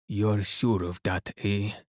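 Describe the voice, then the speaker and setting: Male narrator voicing a hoarse, threatening heavy, low and rough. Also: level tone, slow pace, a little mellow, dry recording, clean studio sound. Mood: menacing. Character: big, menacing male gunman.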